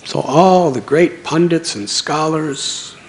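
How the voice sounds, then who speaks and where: A man's voice: fairly high pitch, animated, takes it slowly. Monk in his sixties preaching. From United States. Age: 60s. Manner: dramatic, swelling storytelling. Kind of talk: sermon storytelling.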